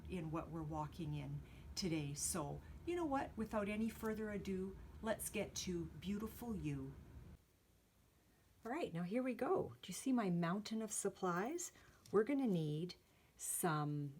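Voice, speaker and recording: Older lady doing a stamping tutorial, slow and earnest, lots of ums, kinda low voice. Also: lively intonation, slight background noise. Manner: slow, gentle and earnest with many fillers. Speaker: card-making channel host. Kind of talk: craft tutorial chat.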